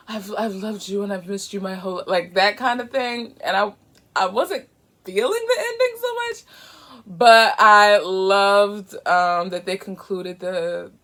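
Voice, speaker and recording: A woman reviewing holiday movies in an animated, chatty way. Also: mid-range voice. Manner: animated, chatty, laughs often. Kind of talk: casual chat review.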